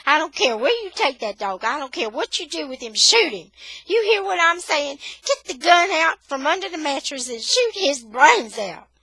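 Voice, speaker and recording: A woman's voice: normal speed, hardly any pauses, pushed and bright, no echo. A woman reading aloud, voicing a frightened, furious mother who screams her lines. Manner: shrill, screaming.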